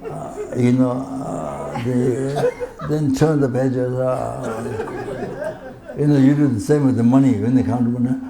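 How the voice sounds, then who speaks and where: A man giving a Buddhist teaching, halting and full of fillers, often breaking into laughter. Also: medium pitch, steady tone, creaky, crowd noise. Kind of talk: dharma teaching. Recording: echoey hall ambience, faint noise.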